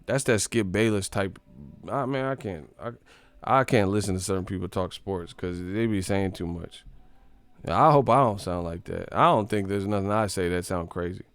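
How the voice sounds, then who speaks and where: Bay area guy ranting on a sports stream, cussing, animated and laughing, dry close sound. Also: low voice, normal speed, clear, resonant tone, no echo. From San Francisco Bay Area. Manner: profane, animated, laughing often. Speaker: host of a sports live stream. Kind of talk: comedic sports rant.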